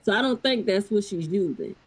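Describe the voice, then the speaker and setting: A woman's voice: medium pitch, animated, fairly quick, breathy edge, low-quality recording. A woman on a live stream panel in heated, profane casual chat.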